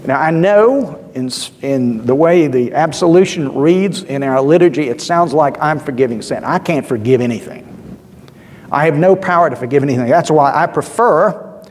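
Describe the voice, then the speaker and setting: A man's voice: fairly high pitch, lively intonation, moderate pace, a little mellow. A male pastor giving a sermon in a conversational, storytelling way, with asides and filler words. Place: church. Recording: long church reverb.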